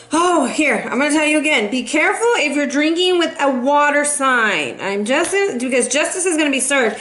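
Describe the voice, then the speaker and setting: High-voiced playful woman tarot reader. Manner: lively, playful, calls listeners "baby"; drops in Spanish phrases. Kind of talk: casual tarot reading to viewers.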